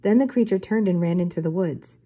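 An older woman, a teacher, reading a children's storybook aloud in a gentle manner. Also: fairly low pitch, a little fast, husky, poor audio.

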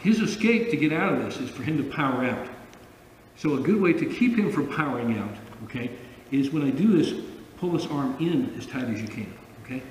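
A man's voice: medium pitch, animated, brisk, roomy sound, long reverb tail, distant mic, a little hiss or hum, rough recording. A man teaching a judo arm lock, explaining in an informal way with repeated okay checks. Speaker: judo instructor. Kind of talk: instructional demonstration and commentary.

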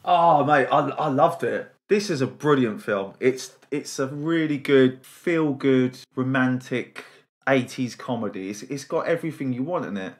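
A man's voice: mid-range voice, measured pace. A man co-hosts a casual film podcast. His voice sits in the middle range. He talks with eager energy, rambles, and stumbles over repeated words. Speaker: podcast co-host.

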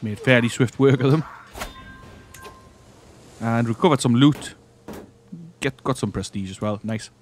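A man's voice: mid-range voice, measured pace, pauses often, a little hiss or hum. Man casually narrating a strategy game. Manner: thinking aloud, relaxed, trailing off and restarting. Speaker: gaming channel host. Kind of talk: casual let's-play commentary.

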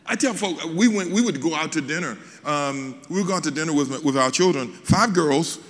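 A male preacher tells his stories with a lively voice that swings up and down and sits on the higher side for a man. He talks in a folksy, animated way, restarting his phrases as he goes. His voice echoes through a large church hall. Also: brisk. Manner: animated storytelling, frequent restarts, folksy asides. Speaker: bishop and guest preacher. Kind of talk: sermon.

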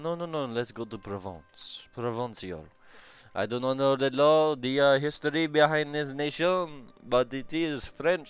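A man's voice: medium pitch, smooth. A young man giving casual, rambling game review commentary, swearing often and offhand. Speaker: gaming commentator.

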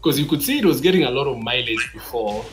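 A man giving casual commentary on a fighting game match, excitable and disbelieving. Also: mid-range voice, quick pace, soft background music. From Africa. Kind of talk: esports commentary.

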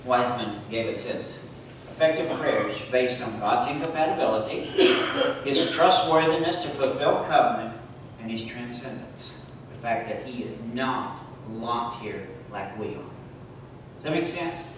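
A man preaching a sermon to a congregation, often pausing to ask the listeners questions and repeating key words. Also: medium pitch, slight background noise. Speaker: preacher and teacher. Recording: echoey hall from far off.

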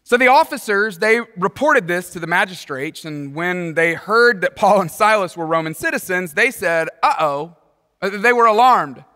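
A man preaching a sermon as pastor, animated and playful, acting out the people in the story. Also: sits high, moderate pace, few pauses, smooth, in a large hall. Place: large church auditorium.

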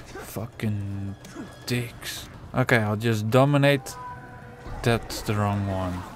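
A man's voice: fairly low pitch, takes it slowly, music in the background. A man commentating his own gameplay, exasperated and swearing constantly while muttering to himself. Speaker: let's play gamer.

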